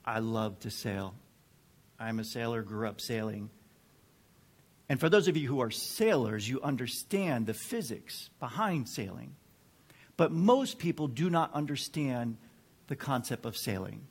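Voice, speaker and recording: A man preaching a sermon to a group of men, earnest and measured, dropping to a hush and then building to fervent emphasis. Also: mid-range voice, sing-song, slightly rough. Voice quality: drops to a near whisper at times. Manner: slow, earnest delivery with dramatic swings from hushed to fervent.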